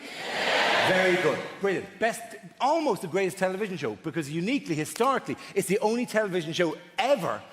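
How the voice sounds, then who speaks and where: A man's voice: sits high, very animated, fairly quick. A man doing a stand-up routine in a large theatre, chatty and teasing the crowd. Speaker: stand-up comedian. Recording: roomy theatre, loud audience noise. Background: audience laughter.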